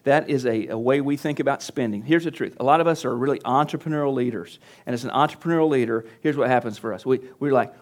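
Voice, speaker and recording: A pastor teaching church leaders at a conference workshop, talking conversationally and getting animated when he acts out his coaching. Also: mid-range voice, fast, hardly any pauses. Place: conference session room.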